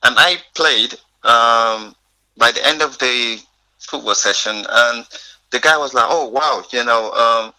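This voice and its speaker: Bright-voiced young man telling his story. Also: medium pitch, measured pace, rough recording. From Africa. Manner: animated, acts out quoted dialogue, frequent laughs. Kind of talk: casual storytelling in conversation.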